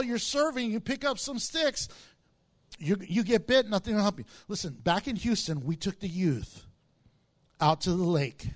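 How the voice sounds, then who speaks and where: A man preaching as a pastor, telling stories with jokes and acting out quotes. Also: sits high. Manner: animated storytelling with jokes and acted-out quotes. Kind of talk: sermon.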